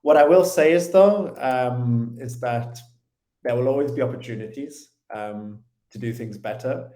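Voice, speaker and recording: A man's voice: mid-range voice, measured pace, warm tone. A British man in his thirties, an interview guest talking in an easygoing way with many fillers. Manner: easygoing, filler-heavy, hedging. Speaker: interview guest, finance channel creator. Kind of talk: casual interview. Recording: echoey room.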